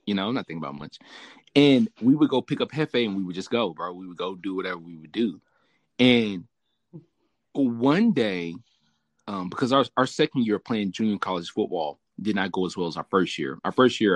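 With a low voice and no echo on the recording, this Southern California man hosts a laid-back podcast chat. He tells a story packed with profanity and laughter, delivering it in an animated way.

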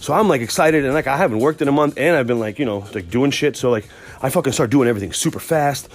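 A man hosting a podcast, telling a rambling, profane, excitable comic story from work. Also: medium pitch, quick pace. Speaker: podcast host. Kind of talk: casual comic storytelling monologue.

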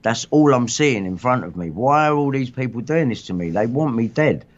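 A man's voice: medium pitch, expressive, moderate pace. A man hosting a livestream, telling his story in agitated, rambling casual chat full of swearing. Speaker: livestream host. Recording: dull lo-fi stream audio.

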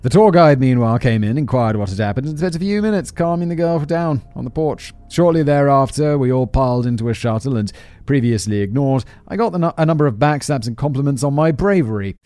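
A man of middle pitch reads a story aloud and breaks off for sardonic, self-mocking asides, swearing now and then. He hosts a podcast and sits close to the mic. The recording is dry, with no echo at all. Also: a little fast, warm tone. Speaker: podcast host.

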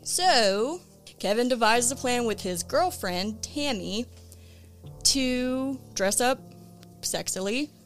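A woman's voice: fairly high pitch, takes it slowly, faint music behind. A woman hosting a podcast, recounting a case in casual, conversational storytelling with plenty of ums and uhs. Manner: relaxed, conversational, with frequent "um" and "uh". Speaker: true crime podcast host.

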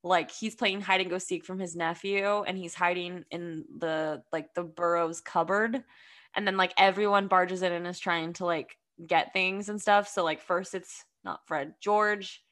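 A young woman co-hosting a podcast, chatty and quick to laugh, with lots of fillers. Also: fairly low pitch, steady tone, a bit bright. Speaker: podcast co-host. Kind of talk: casual chat.

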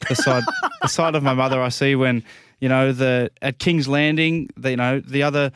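A man co-hosting sports radio, deadpan and mock-serious. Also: medium pitch, moderate pace, smooth, dry recording, clean studio sound. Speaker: radio co-host. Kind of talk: deadpan banter.

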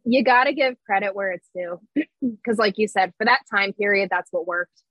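A woman's voice: medium pitch, moderate pace, no echo, highs cut off. Woman ranting on a podcast, blunt, laughs a lot, dry close sound. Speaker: podcast co-host. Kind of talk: casual chat.

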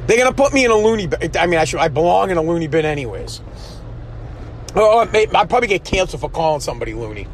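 A man with a high-pitched voice hosts his podcast from the driver's seat of his truck. He rants in a profane, worked-up way and gets fired up and loud. Soft engine and road noise hums underneath. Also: very animated, quick pace. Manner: passionate, yells when fired up. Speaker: podcast host. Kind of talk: ranting solo podcast. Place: inside his truck while driving. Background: faint road and engine noise.

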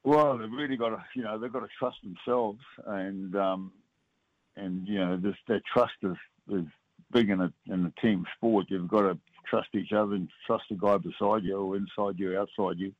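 A man's voice: fairly low pitch, fairly even intonation, no echo. Older New Zealand man on a tinny phone line. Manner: halting, many fillers and restarts. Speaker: guest, former rugby player. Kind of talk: radio phone interview.

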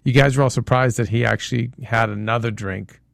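Male podcast host, gravelly, rambling delivery, dry close mic. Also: mid-range voice, steady tone, brisk, no echo. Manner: rambling, many restarts. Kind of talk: casual chat.

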